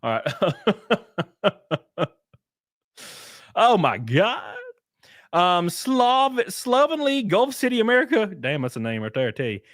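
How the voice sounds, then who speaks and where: A man's voice: high-pitched, huge pitch swings, slow pace, pauses often, a bit bright, no room sound, clean studio sound. A young man casually chatting on a livestream, reading chat aloud with crude, rambling jokes.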